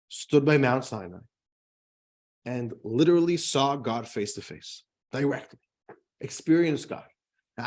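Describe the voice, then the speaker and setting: A man, a rabbi, teaching a class in a conversational, animated way, chuckling as he tells jokes. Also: medium pitch, husky. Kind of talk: lecture with jokes.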